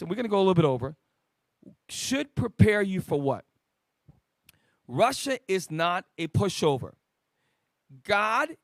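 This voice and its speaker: A man's voice: high voice, no echo, clean studio sound. Emphatic preaching man. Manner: emphatic, swinging loud and quiet, restarts. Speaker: lead teacher of a Bible study show. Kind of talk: preaching Bible lesson.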